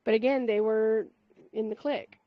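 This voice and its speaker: A woman hosts a spiritual community call on a call mic, chatting casually and rambling through asides with frequent laughs. Her fairly high voice has fairly even intonation and a normal speed. There is no room sound, and the recording is muffled.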